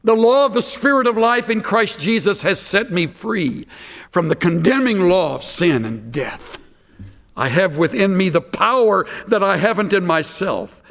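A man preaching an expository sermon, emphatic and slowing down to stress key phrases. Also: sits high, animated, a bit bright, long reverb tail.

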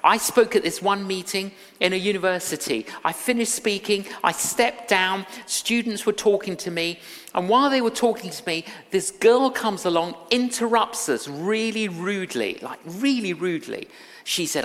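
A woman's voice: mid-range voice, expressive, normal speed. A woman evangelist preaching a sermon, telling stories and acting out what people said. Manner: storytelling, acting out quoted lines. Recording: reverberant hall.

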